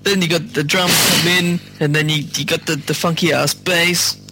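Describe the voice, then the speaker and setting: A man's voice: fairly high pitch, steady tone, moderate pace, sharp tone, rough recording. A man giving a casual music review, giggly and enthusiastic, often cracking up. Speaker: podcast co-host.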